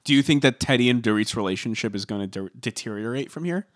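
A man's voice: medium pitch, expressive, fast. A man co-hosting a podcast, recapping a reality show in casual chat and hedging with likes and ums. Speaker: podcast co-host.

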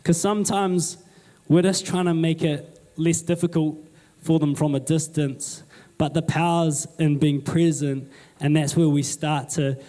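A young pastor from New Zealand with a slightly high, warm male voice preaches in a conversational style. He poses rhetorical questions to the congregation and finishes his remarks with "eh?".

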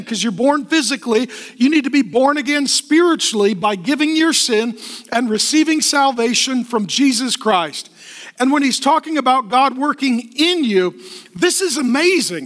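A middle-aged male pastor preaching a sermon, with emphatic rhythmic repetition and lively storytelling asides. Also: extremely high pitch.

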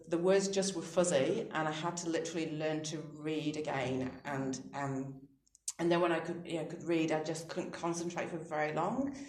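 Low-voiced woman telling stories. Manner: thoughtful, soft-spoken, laughs readily at her own stories. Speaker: interview guest. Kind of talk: reflective personal storytelling on faith. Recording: roomy echoey sound.

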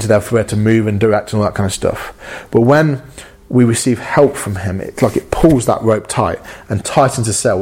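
A man's voice: fairly low pitch, darkish tone, breathy edge. A man giving a sermon, talking earnestly and conversationally with frequent stammered repeats. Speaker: preacher.

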